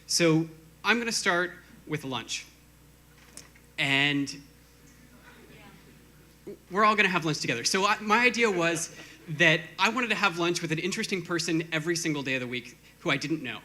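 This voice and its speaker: A man giving a short talk to an audience, casual and self-deprecating, speaking fast with many fillers and restarts. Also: on the high side, sharp tone. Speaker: conference speaker.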